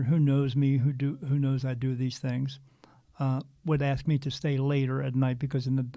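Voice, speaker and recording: Earnest gravelly man telling a story. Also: mid-range voice, no echo. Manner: earnest, animated storyteller with frequent restarts. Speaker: spiritual medium guest. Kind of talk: casual storytelling interview.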